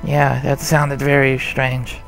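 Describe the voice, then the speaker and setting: A man's voice: medium pitch, monotone, slow, vocal fry, a bit bright, faint music behind. A man casually commenting on a game he is playing, in dry, offhand asides. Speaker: let's play host.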